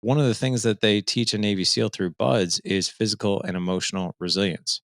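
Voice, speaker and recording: Brisk and a bit bright, this man's fairly low voice keeps fairly even intonation in clean studio sound with no echo. He's a fatherhood coach and podcast host in his 40s, here a guest, telling a personal story in an earnest, emphatic, conversational way and frequently asking "right?".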